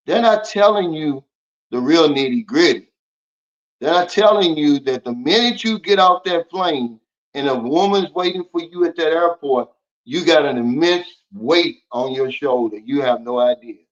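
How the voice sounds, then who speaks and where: A man's voice: fairly high pitch, animated, moderate pace. Blunt man on a lo-fi livestream. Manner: blunt, preachy, reads out viewer comments. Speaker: livestream host. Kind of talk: casual livestream talk.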